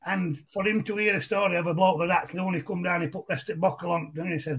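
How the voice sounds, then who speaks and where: A man's voice: sits high, steady tone, fast talker, few pauses, a bit bright, slightly rough. A middle-aged man with a broad Barnsley Yorkshire accent, telling his story as a podcast guest in a chatty, rambling way. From England. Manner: broad, chatty, repeats and restarts phrases. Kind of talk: casual storytelling conversation.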